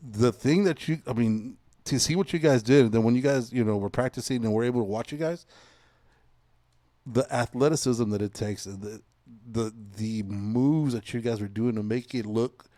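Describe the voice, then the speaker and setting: A man in his forties hosting a podcast, telling stories in a casual, profane, animated way. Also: on the low side, no room sound. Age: 40s. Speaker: podcast host. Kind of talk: casual chat.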